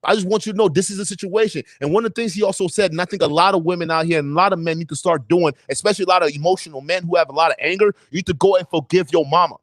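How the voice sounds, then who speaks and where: A young adult man on a livestream chat, telling personal stories in a lively, profane way and acting out the voices of people he quotes. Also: fairly high pitch, very fast, few pauses, no room sound. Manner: animated storytelling, acts out quoted voices, profane. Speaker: podcast co-host.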